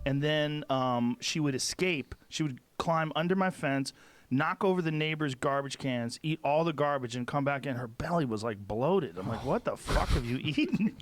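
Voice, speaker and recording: A man chatting casually, telling relaxed, rambling stories about his dogs. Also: medium pitch, normal speed, dry recording. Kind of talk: casual chat.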